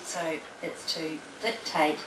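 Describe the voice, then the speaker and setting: Low-voiced woman announcing prizes in a hall. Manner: deliberate, pausing, with many fillers. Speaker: competition judge announcing winners. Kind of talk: prize announcement at a public event. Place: library hall at a public event. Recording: echoey hall, distant mic, audible noise.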